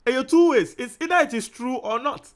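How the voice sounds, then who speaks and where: A man's voice: very high-pitched, normal speed. A young adult man with a Ghanaian accent giving news commentary, mixing Twi and English, and explaining his points by repeating them.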